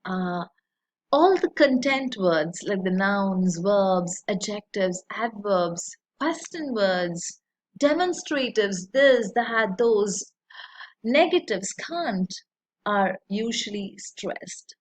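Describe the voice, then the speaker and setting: Slow woman teacher. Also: medium pitch, lively intonation. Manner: slow, deliberate, with many fillers and examples spoken aloud. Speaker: English teacher. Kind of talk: recorded lecture.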